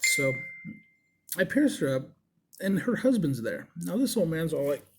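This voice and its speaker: A body piercer telling a story in a casual, rambling, laid-back way, swearing freely. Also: male voice, a little high, very animated, unhurried, background noise.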